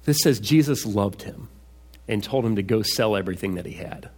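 A man's voice: on the low side, animated, fairly quick. A man preaching a sermon as a pastor, conversational and asking rhetorical questions. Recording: echoey hall reverb.

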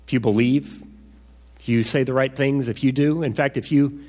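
A man's voice: medium pitch, steady tone, moderate pace, a little mellow. A man preaching a sermon as a pastor, conversational and asking rhetorical questions. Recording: echoey hall reverb.

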